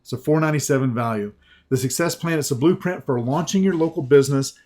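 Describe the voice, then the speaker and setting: A man giving an emphatic sales pitch presentation, using short, repeated punchy phrases, with a slightly scratchy throat. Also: quick pace, a little mellow. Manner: punchy, repetitive, emphatic selling.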